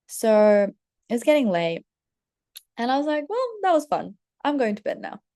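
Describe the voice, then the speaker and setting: A woman's voice: medium pitch, darkish tone. A young woman vlogger casually telling a personal story, candid and chatty, peppering it with "like" and acting out her own thoughts. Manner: swears casually.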